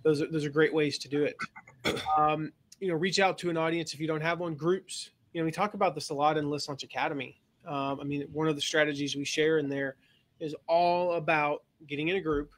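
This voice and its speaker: A man's voice: a little high, steady tone, fairly quick. A man hosting a casual webinar, rambling with lots of fillers and laughing at himself. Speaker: host.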